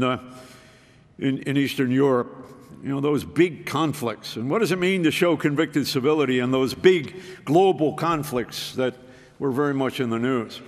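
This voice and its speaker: A man giving a folksy, self-deprecating storytelling talk with frequent restarts. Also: on the high side. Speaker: speaker. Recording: reverberant hall.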